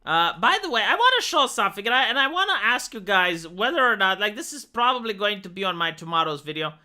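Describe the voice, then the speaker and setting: A woman's voice: mid-range voice, sing-song, fast talker, sharp tone. A woman from Romania, ranting on a casual livestream, swearing often and restarting her sentences. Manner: profane, exasperated, many restarts and fillers.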